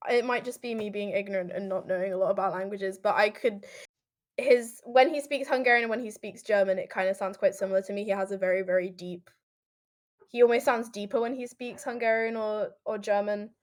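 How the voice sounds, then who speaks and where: A young woman with a British accent chats casually on a gaming stream, telling anecdotes in a mid-pitched, everyday voice. She leans on "like" as a filler. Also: fairly even intonation, a little fast. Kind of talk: casual chat.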